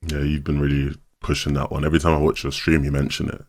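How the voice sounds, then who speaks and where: A man's voice: a bass voice, monotone, fast, dry recording. A man co-hosting a gaming podcast, reading viewer comments and teasing his co-hosts in dry banter. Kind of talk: casual chat.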